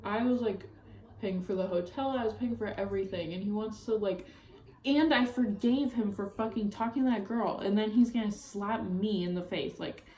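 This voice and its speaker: A woman's voice: mid-range voice, normal speed, dark tone. Heated young woman telling a breakup story. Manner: heated, profane, filler-heavy retelling. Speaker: vlogger. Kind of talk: casual storytime. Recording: roomy echo, faint ambient noise.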